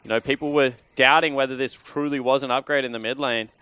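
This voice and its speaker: A man's voice: medium pitch, fast, clear, resonant tone. A man giving casual, analytical color commentary on an esports match. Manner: relaxed analytical, casual fillers.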